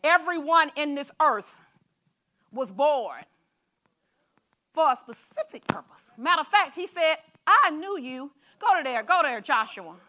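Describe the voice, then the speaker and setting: Bright high-voiced woman preaching. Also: measured pace. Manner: conversational, animated preaching with asides to the congregation. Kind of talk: sermon.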